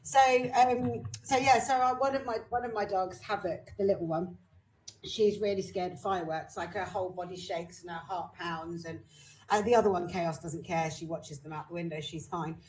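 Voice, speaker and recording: A woman's voice: lowish voice, moderate pace, darkish tone, a little hiss or hum, low-quality recording. A woman co-hosting a podcast, talking openly in casual chat with frequent ums and repeats. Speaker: podcast co-host.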